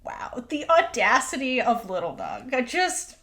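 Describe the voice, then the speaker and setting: A woman's voice: a little high, huge pitch swings, a little slow, fairly bright tone. A woman co-hosting a podcast, recapping an episode in casual chat, acting out quotes, swearing and laughing often. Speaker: podcast co-host.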